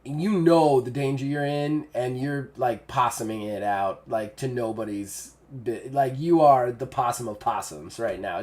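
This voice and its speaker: A man's voice: mid-range voice, lively intonation, darkish tone. Man narrating as game master, loose and rambling. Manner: loose, rambling narration with many fillers and quick character voices.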